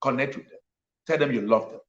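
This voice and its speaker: A man's voice: mid-range voice, fairly quick, fairly bright tone, lo-fi sound. A man preaching at a parenting conference, emphatic and repeating his key lines for effect. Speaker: pastor. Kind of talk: sermon.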